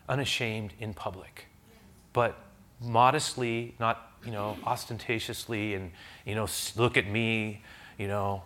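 A pastor telling a personal story in a sermon, talking conversationally with many restarts and rising to loud, high preaching at its peaks. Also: male voice.

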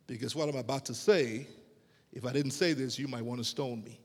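A man preaching a sermon to a congregation, with emphatic, drawn-out phrases and rhetorical questions. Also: mid-range voice, in a large hall. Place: church sanctuary.

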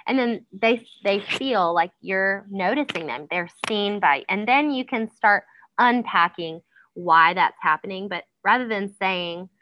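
A woman's voice: medium pitch, measured pace, highs cut off, slight background noise. A woman in her thirties talking casually about parenting, with frequent ums. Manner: warm, frequent ums, acts out kids' voices. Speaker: parenting podcast guest. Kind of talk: casual conversational chat.

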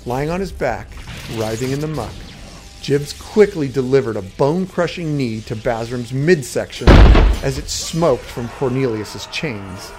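A man's voice: medium pitch, measured pace. Man narrating a fantasy story over music. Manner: dramatic, steady narration. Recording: faint background music.

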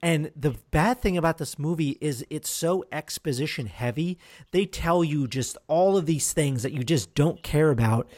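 Male podcast host, a bit high-voiced, loose and sweary, riffing on movies in a dry, close recording. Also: normal speed, a little mellow, no room sound. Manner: rambling, profane, full of fillers and restarts. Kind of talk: casual film review chat.

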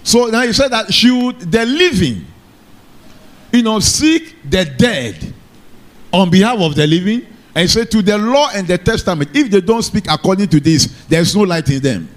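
A man's voice: high voice, lively intonation, normal speed. A man preaching a sermon in church, often calling out to the congregation for an amen. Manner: call-and-response preaching, asks the congregation for amen. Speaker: pastor.

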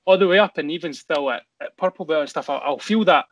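A man's voice: a little high, fast, no room sound. A Scottish man hosting a podcast in casual chat, eager and chatty, nodding along with frequent agreement. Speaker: host.

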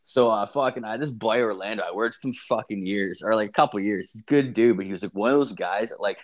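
A man's voice: lowish voice, fast talker. A man co-hosting a podcast, telling a rambling story in casual chat, swearing constantly and laughing often. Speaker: podcast co-host.

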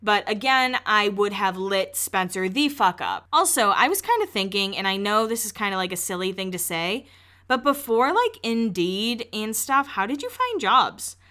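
A woman's voice: mid-range voice, big pitch swings, moderate pace, sharp tone. A young woman hosting a podcast, recapping a reality show in chatty, gossipy talk full of "like" and casual swearing.

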